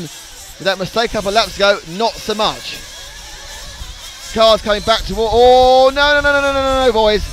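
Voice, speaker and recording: High-voiced race commentator. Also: male voice, a bit bright, a little hiss or hum, rough recording. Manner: urgent, corrects himself often. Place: outdoor race track.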